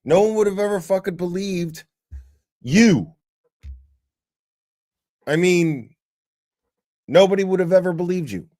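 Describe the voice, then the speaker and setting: Slow, blunt, foul-mouthed male commentator. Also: sits high, warm tone, no room sound, clean studio sound. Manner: blunt, swears a lot, rambling with many fillers. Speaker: commentary host. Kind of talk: casual profane reaction commentary.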